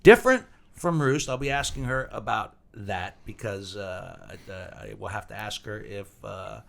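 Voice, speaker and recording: A man's voice: fairly low pitch, lively intonation, normal speed, gravelly, fairly bright tone, a little hiss or hum. Rambling man in his sixties hosting. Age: 60s. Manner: rambling, self-deprecating storyteller. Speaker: podcast host. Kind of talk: casual chat.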